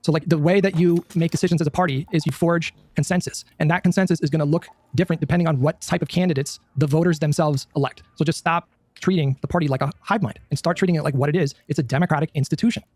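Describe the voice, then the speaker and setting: A man's voice: fairly high pitch, steady tone, fast talker, a little mellow, no room sound. A man on a podcast panel, arguing emphatically and repeating words as he pushes his point. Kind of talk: heated podcast debate.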